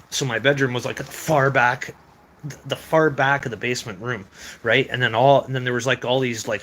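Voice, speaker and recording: A man's voice: medium pitch, sharp tone, slight background noise. A young man casually recounting strange experiences, rambling with lots of fillers and swearing. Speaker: paranormal video creator. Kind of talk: casual storytelling.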